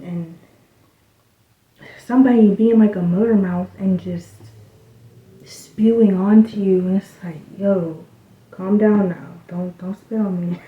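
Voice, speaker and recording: Woman reading cards for her channel: loose, rambling, low-key and even in pitch, recorded thin and boomy. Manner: rambling, loose, with soft muttered asides. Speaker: tarot reader. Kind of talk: casual spiritual card reading. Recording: tinny, phone-like sound in an echoey room.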